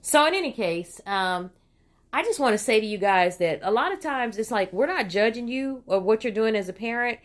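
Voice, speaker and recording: A woman's voice: fairly high pitch, normal speed. A middle-aged woman telling a personal story in a casual, digressive way, with lots of "you know" and "right?", and putting on voices when she quotes people. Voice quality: animated, puts on voices when quoting people. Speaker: vlogger.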